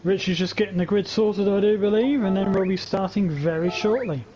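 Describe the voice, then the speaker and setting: A man's voice: sits high, a little fast, highs cut off. Easygoing man in a race voice chat. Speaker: race organiser. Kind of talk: casual chat over voice chat.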